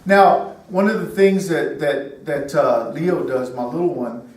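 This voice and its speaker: High-voiced man preaching to kids, echoey. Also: measured pace, darkish tone. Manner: keeps asking the kids questions, tags lines with "okay?" and "right?". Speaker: children's church teacher. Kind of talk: children's sermon. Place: church room full of children. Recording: echoey room, mic far off.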